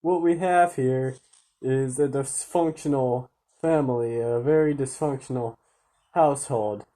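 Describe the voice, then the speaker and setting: A woman doing an impression of a male TV talk show psychologist, speaking slowly in a calm, pompous, measured way. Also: rumbling low. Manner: slow, measured, pronouncing.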